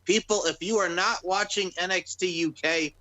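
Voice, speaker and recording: A man co-hosting a wrestling podcast, loud and joking with crude humor and frequent laughter. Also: high voice, fairly even intonation, moderate pace. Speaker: podcast co-host. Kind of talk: casual podcast banter.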